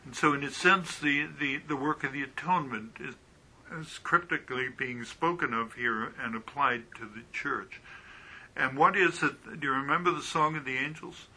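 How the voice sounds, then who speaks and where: A man teaching a Bible study verse by verse, reading passages aloud, often pausing with ums and asking rhetorical questions. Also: medium pitch, sharp tone, husky, low-quality recording. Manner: halting with frequent ums, asks rhetorical questions.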